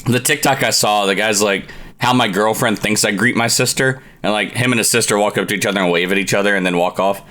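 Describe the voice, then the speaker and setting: A man's voice: fairly low pitch, quick pace, bright, forceful tone. A man in his twenties, co-hosting a podcast in casual chat, telling jokes and laughing at them. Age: 20s. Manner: joking, laughs at own jokes. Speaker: podcast co-host.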